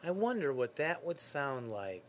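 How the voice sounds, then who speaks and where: A man's voice: medium pitch, big pitch swings, unhurried, slight background noise. Male host, mid-range voice, loose teasing banter, casual podcast chat.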